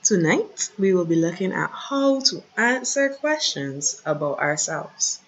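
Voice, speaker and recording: A woman teaching a French lesson online, carefully pronouncing each phrase slowly for her students. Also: fairly low pitch, big pitch swings, fairly bright tone, slight background noise, low-quality recording.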